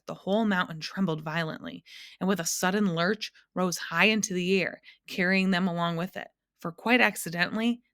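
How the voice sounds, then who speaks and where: Woman reading a story aloud, low and dry. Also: dry recording. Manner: expressive storytelling. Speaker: teacher.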